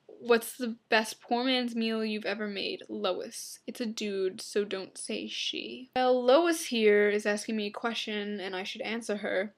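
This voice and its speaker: A young woman from Long Island answering viewer questions in a casual vlog, blunt and flippant with quick asides. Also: mid-range voice, steady tone. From Long Island, New York. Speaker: vlogger.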